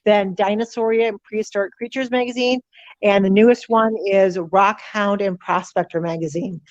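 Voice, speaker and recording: A woman guest, an author and researcher, talking in a relaxed way with frequent pauses and fillers. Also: mid-range voice, no room sound. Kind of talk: casual interview chat. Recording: dull lo-fi sound.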